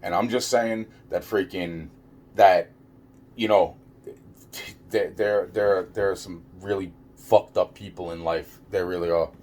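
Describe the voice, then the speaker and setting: A man's voice: low voice, fairly even intonation, unhurried, darkish tone. A man talking straight to camera in a rambling, profane vlog rant, repeating himself and stumbling over restarts. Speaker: vlogger. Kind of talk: ranting vlog monologue.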